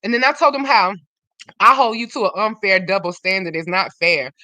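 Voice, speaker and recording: A woman hosting a livestream in casual chat, animated and swearing freely as she talks to her regulars. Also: mid-range voice, brisk, no echo. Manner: animated, swears freely, slips into quoted dialogue. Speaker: livestream host.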